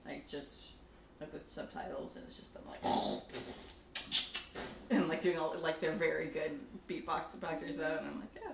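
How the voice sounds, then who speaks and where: Give me a low-pitched woman chatting casually as a tabletop game player, laughing easily and saying "like" a lot. She sounds a bit far from the mic in an echoey room. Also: steady tone, a little slow, creaky. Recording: echoey room, distant mic, faint noise.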